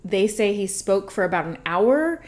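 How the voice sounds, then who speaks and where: A woman co-hosting a casual podcast, retelling a news story in an animated way and laughing between sentences. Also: mid-range voice, moderate pace. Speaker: podcast co-host.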